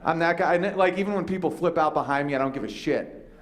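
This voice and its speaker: A man's voice: fairly high pitch, fast. A man hosting a comedy chat show, telling a story with lots of swearing and acted-out voices. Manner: animated storytelling, acts out quoted voices, swears freely. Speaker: podcast host and comedian.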